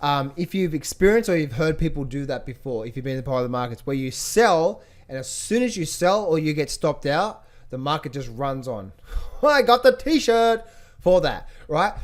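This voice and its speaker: A middle-aged man giving casual market commentary as a trading educator, animated, often slipping into high mock voices of panicking traders. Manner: frequent fillers and restarts, addresses viewers as guys.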